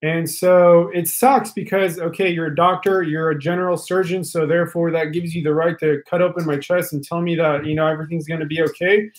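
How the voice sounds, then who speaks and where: A talkative young man chatting casually on a live stream, his voice sitting fairly high for a man. He rambles and restarts often, filling gaps with ums and uhs as he speaks to his viewers. His studio mic is held a little away from his face. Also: little pitch movement, brisk, hardly any pauses, low-quality recording. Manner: rambling with many fillers and restarts; talkative, addresses viewers directly.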